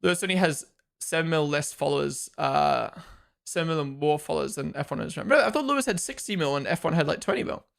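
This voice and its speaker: A man's voice: fairly high pitch, animated, fast talker, vocal fry, fairly bright tone. A man in his twenties with a New Zealand accent, hosting a live stream in casual chat, reading viewer comments aloud and answering them. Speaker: livestream host.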